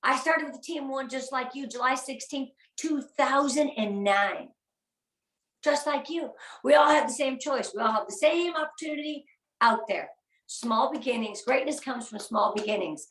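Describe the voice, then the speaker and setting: A woman's voice: high-pitched, moderate pace, a bit bright. A middle-aged woman giving an earnest, upbeat motivational talk to a sales team and getting them to repeat phrases after her. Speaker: guest speaker at a sales training. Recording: echoey room, voice a bit far from the mic.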